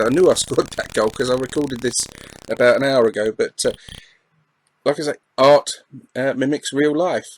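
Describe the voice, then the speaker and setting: A man's voice: mid-range voice, normal speed, slight background noise, poor audio. A middle-aged man with an Essex accent giving chatty, self-deprecating commentary over gameplay, with plenty of ums and uhs. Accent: English, Essex. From England. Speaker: retro gaming YouTuber.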